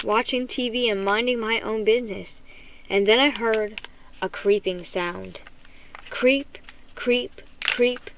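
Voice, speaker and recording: A woman reading a children's horror book aloud in an expressive, dramatic manner. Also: a little high, a little hiss or hum, rough recording. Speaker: storybook reader.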